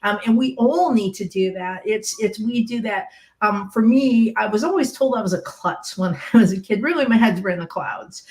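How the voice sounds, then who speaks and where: A woman's voice: medium pitch, moderate pace, darkish tone. A woman who once taught special education, reflecting with personal anecdotes in a podcast panel conversation. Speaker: spiritual medium, former special ed teacher.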